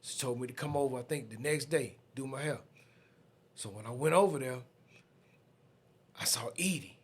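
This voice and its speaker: A man in his fifties from Atlanta, USA, with a Southern US accent, is a guest on a podcast. He tells a story in a casual, lively way, acting out the other people in it, with a medium-pitched voice and a slightly fast pace.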